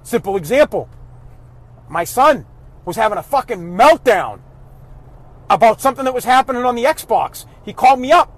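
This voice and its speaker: A man's voice: very high voice, sing-song, normal speed, pauses often. A father ranting bluntly about raising kids, swearing heavily and raising his voice as he talks. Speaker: father giving opinions. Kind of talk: profane ranting monologue.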